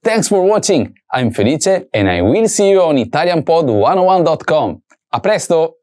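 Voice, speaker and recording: A man teaching a language lesson, saying words slowly and carefully and repeating each one for learners. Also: a little high, big pitch swings, a little mellow.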